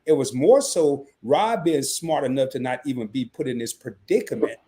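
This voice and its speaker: A man co-hosting a casual podcast, talking in an animated way that jumps up high when he makes a point. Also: normal speed, slightly rough. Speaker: podcast co-host.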